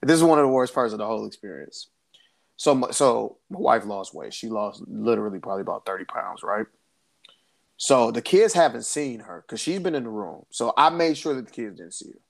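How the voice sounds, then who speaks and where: A man's voice: mid-range voice, expressive, fairly quick, vocal fry. A man, co-hosting a podcast and telling an emotional family story with many restarts. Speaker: podcast co-host. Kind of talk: casual podcast chat.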